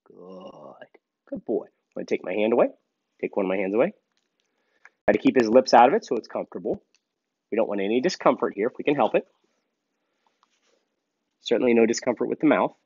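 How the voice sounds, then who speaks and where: A man training a gun dog and explaining each step casually, breaking off for sharp commands to the dog. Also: medium pitch, lively intonation, fast, long pauses, slightly rough, no room sound, muffled recording. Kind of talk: hands-on training demonstration.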